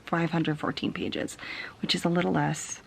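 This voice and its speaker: A woman's voice: fairly low pitch, level tone, normal speed, creaky, a little hiss or hum. A young woman vlogging about a book she is reading, tired and venting in a frustrated, often whispered late-night rant. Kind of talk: casual reading vlog.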